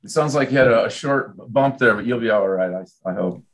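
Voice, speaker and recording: A man's voice: medium pitch, brisk. A man appearing as a podcast guest, explaining his work in a conversational way. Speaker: podcast guest, mastering engineer. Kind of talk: casual chat.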